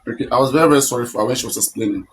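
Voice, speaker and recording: A man's voice: mid-range voice, rapid-fire, slight background noise. A man with a Nigerian accent hosting a live stream, explaining at length and repeating himself to make his point. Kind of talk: casual live-stream talk.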